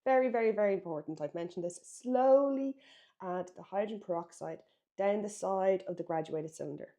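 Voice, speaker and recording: A woman's voice: fairly low pitch, fast, warm tone. A woman from Ireland teaching a biology exam revision lesson, emphatic and correcting herself as she writes. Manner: instructive, emphatic, self-correcting while writing.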